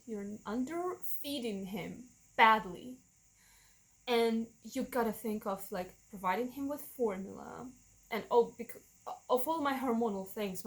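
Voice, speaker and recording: A woman with a fairly high voice tells her own story straight to the camera. She speaks openly and with feeling, often breaking off and restarting her sentences. Now and then she acts out what other people said to her. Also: low-quality recording. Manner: emotional and frank, with many restarts and self-corrections. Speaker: vlogger sharing a personal story. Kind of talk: candid personal storytelling.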